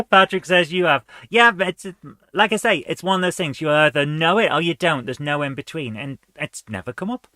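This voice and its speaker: A man's voice: fairly high pitch, expressive, moderate pace, bright, forceful tone, no echo, studio quality. A man hosting a retro gaming channel, reading quiz questions aloud and chatting casually as he guesses the answers. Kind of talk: casual let's-play commentary.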